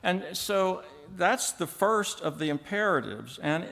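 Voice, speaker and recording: A man, a pastor, teaching an evening Bible sermon in a measured, explanatory way, reading and quoting scripture as he goes. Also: high-pitched, lively intonation, vocal fry, fairly bright tone. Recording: long reverb of a church hall.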